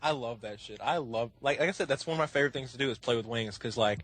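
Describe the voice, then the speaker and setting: A man's voice: mid-range voice, fast talker, fairly bright tone. A young man telling a gaming story with friends, laughing as he goes. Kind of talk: casual group chat.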